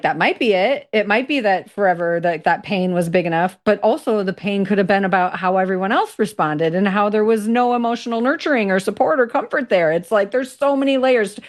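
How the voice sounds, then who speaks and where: A woman hosting a podcast in casual conversation, animated and acting out little quotes. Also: mid-range voice, fairly quick, few pauses. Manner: animated, acts out voices and quotes. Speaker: podcast host.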